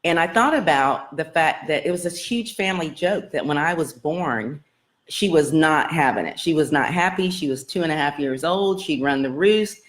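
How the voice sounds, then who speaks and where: A woman's voice: low voice, animated, moderate pace. A woman casually telling her personal story to her online viewers, earnest and rambling, with many fillers and restarts. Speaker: self-help vlogger.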